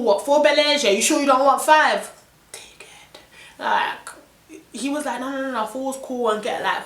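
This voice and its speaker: A young woman with a London accent telling an animated, indignant storytime vlog full of slang. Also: mid-range voice, echoey room. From London, England. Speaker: vlogger.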